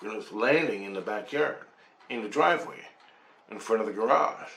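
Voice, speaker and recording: Man, from Canada, casual storytelling, animated, acts out sounds and voices, mid-pitched voice. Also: a little fast. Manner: swears casually, laughs while telling. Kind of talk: casual first-person storytelling.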